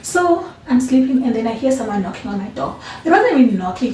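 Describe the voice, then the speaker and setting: A young woman with a South African accent chats her way through a storytime in an expressive, filler-heavy manner. Her voice sits a little high but has a mellow, soft tone. It sounds like she is sitting back from the mic in an echoey room, with a faint hiss underneath. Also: a little fast, far from the mic. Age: young adult. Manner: chatty and expressive, with frequent fillers. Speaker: university student vlogger. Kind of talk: casual storytime chat.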